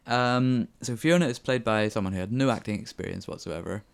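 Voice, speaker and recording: Gravelly low-voiced man reviewing a film. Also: brisk. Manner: chatty and hesitant, with many ums and restarts. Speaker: film reviewer on a local podcast.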